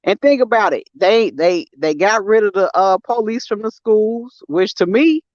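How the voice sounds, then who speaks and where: A woman's voice: medium pitch, lively intonation, moderate pace, darkish tone, no room sound. A woman, co-hosting a casual podcast chat, talking bluntly and emphatically with plenty of slang. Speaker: podcast co-host. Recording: dry, slightly dull sound.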